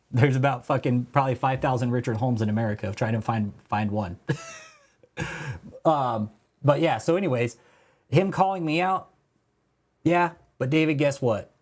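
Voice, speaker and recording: A man's voice: mid-range voice, darkish tone. A man hosting a casual livestream, talking in a profane, mocking way, laughing and calling people bro. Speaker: livestream host.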